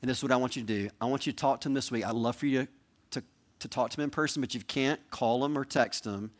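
A male pastor closing a sermon in a conversational, heartfelt manner. He speaks at a middle pitch, coaxing and pleading with the congregation. His tone stays earnest and direct, often pausing to ask "right?".

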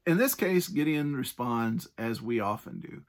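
A man's voice: medium pitch, lively intonation, a little slow. A man preaching a sermon in a conversational, earnest way, stressing his points and adding casual asides.

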